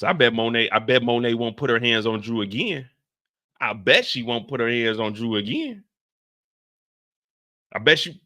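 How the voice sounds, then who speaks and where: A man hosting a live reaction stream, chatting casually, repeating himself and acting out quotes. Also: mid-range voice. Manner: animated, repeats lines, acts out quotes.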